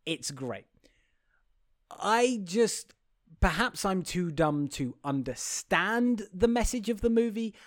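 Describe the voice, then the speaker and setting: A man with a somewhat high voice co-hosts a relaxed film discussion. He rambles, restarts his sentences and argues his opinions at length. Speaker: podcast co-host. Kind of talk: casual film review chat.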